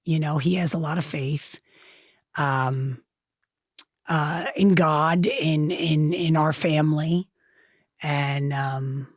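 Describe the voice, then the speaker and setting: Woman in her 40s, bit husky, stop-start chatty guest, dry mic. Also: sits low, fairly even intonation, no echo. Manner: halting, many fillers and restarts. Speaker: podcast guest, fitness trainer. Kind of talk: casual interview chat.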